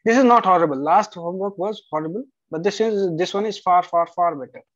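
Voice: medium pitch, fairly quick, dry recording. A French tutor correcting a student's homework aloud, bluntly marking answers right or wrong, repeating the rules and spelling out letters. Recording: slightly dull lo-fi recording.

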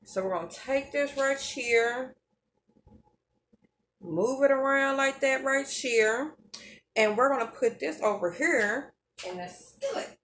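A woman's voice: sits high, slow pace, long pauses, a bit bright, slight background noise. A woman hosting her own cooking channel, chatting casually as she cooks and drawling in a homey country voice.

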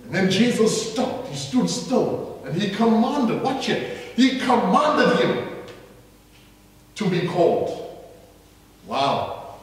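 A man's voice: sits high, sing-song, slow, pauses often. A male preacher giving an emphatic, dramatic sermon that acts out the people in a story. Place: large church hall. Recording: echoey church hall heard from far off.

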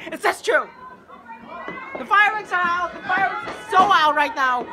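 A female channel host shouting excitedly outdoors while filming a new year vlog. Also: very high voice, a little fast. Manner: loud, excitable, shouting over noise. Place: outdoors during fireworks. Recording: crowd and firework noise behind.

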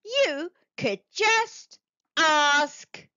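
Casting note: a woman doing a tiny, squeaky storybook octopus, high and fluttery. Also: animated, extremely slow, pushed and bright, dry recording, full character voice. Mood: relieved. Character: small male octopus, frightened then relieved. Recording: dull lo-fi dry recording.

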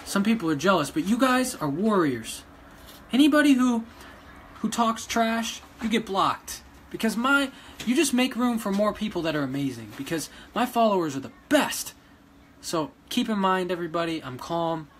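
Man, emotional vlog rant, agitated, pleading, slightly high voice, faint background noise. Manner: agitated, pleading, swings between quiet and loud. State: emotional after crying. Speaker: vlogger running a dog rescue. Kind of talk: emotional ranting vlog to followers.

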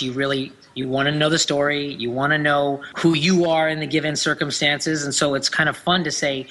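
A man's voice: a little high, pushed and bright. A man in his thirties, a voice actor, chatting playfully and joking in an interview. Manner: playful, jokey, laughs often. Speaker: voice actor guest. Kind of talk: casual interview chat.

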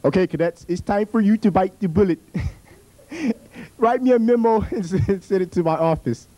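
A drill sergeant barks orders at his cadets, as a teenage boy puts him on. The voice is mellow and a touch high. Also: normal speed, close to an everyday voice. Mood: commanding. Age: late teens. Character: male military drill sergeant instructor.

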